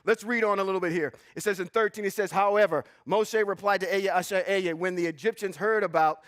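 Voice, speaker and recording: High-voiced man preaching scripture. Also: fairly even intonation, a bit bright, no echo, clean studio sound. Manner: reads scripture slowly, then preaches with rising emphasis; talks to the audience directly, asking questions. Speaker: Bible teacher. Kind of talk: sermon-style scripture teaching.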